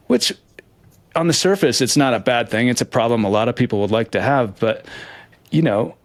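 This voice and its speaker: A lottery winner appearing as an interview guest speaks in a mid-range voice, with no echo in the recording. His candid, reflective answers are earnest and hesitant, full of restarts and soft laughs.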